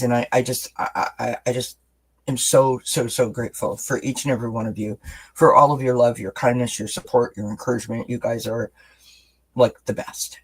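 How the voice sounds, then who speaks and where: A man's voice: medium pitch, breathy edge, low-quality recording. A man doing a live-streamed tarot reading, talking to viewers as friends in a rambling, chatty way with many restarts. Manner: talks directly to viewers as friends. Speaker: tarot reader.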